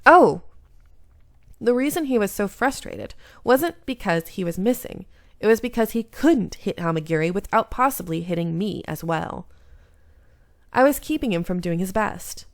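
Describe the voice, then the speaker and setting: A woman reads a visual novel aloud in first person, in a mid-range voice. She breaks off now and then for quick asides. The sound is dry and close to the mic. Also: mid-range voice, expressive, no echo. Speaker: gaming YouTuber.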